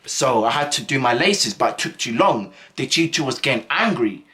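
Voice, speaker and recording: A man's voice: medium pitch, lively intonation, normal speed, pushed and bright. A young man telling a school story in a casual, rambling way full of slang and fillers. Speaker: vlogger.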